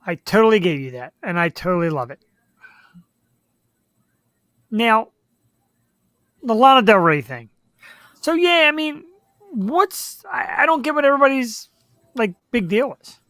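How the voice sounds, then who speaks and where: A talkative woman hosts a live web show in loose banter. Her pitch swings up and down freely as she rambles and laughs along. The sound is dry and close. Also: animated, unhurried, long pauses, fairly bright tone, no echo. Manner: chatty, laughs easily, rambling. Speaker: show host.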